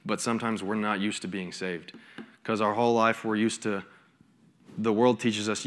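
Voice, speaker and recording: A man's voice: on the low side, fairly even intonation, moderate pace, fairly bright tone. A young man, a college pastor giving a conversational sermon with stories and asides. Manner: conversational preaching with storytelling and asides.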